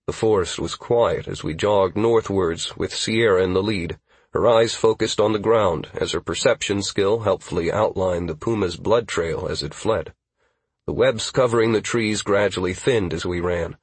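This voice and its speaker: A man narrating a first-person fantasy audiobook in a steady, even manner. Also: low voice, unhurried, husky, no echo.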